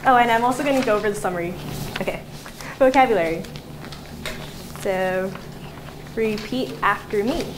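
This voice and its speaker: A woman's voice: mid-range voice, moderate pace, long pauses. A teenage girl giving a student presentation to her classmates, taking them through words and asking them to repeat after her. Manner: instructive, leads repeat-after-me drills. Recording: echoey classroom with noise.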